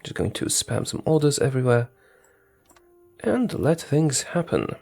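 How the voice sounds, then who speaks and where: Gravelly man narrating his strategy game. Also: medium pitch, sing-song, measured pace, darkish tone, faint music behind. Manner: thinks aloud, talks to his units, corrects himself. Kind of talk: casual gameplay commentary.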